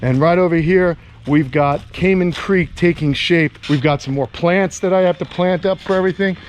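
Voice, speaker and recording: A man's voice: fairly high pitch, moderate pace, a little hiss or hum. An enthusiastic man chatting casually in an outdoor vlog while walking around his animal camp. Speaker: animal keeper and vlogger.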